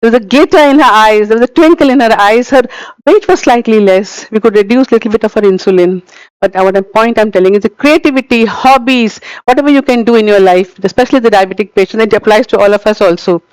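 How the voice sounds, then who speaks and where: A woman's voice: a little high, fast, a little mellow, smooth, dry recording, low-quality recording. A middle-aged woman with an Indian English accent, speaking as a conference speaker and telling stories with emphatic repeated words. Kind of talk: conference talk. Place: conference hall.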